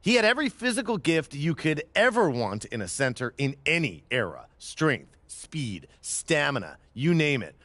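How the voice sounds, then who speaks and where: Man, sports narrator, emphatic, hype delivery, animated pitch, dry close sound. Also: moderate pace, few pauses, dry recording. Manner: emphatic, hyping players up. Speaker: basketball commentator.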